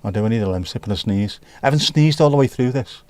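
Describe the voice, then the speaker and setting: A man's voice: mid-range voice, animated, quick pace, a little mellow, dry recording. Chatty Scouse man hosting a stream. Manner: chatty, banters with viewers reading the chat. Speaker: livestream host. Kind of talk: casual livestream chat.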